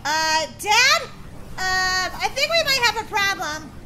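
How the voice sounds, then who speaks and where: A woman voicing Molly, an excitable young girl in a game role-play, chatty and giggly, talking to herself. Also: very high-pitched, takes it slowly, exaggerated voice. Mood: playful. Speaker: roleplay gamer.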